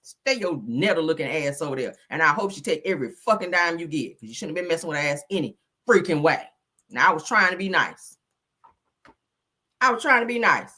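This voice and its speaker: A woman hosting a live-stream, giving casual gossip commentary with profane, animated talk and frequent laughter. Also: sits low, breathy edge.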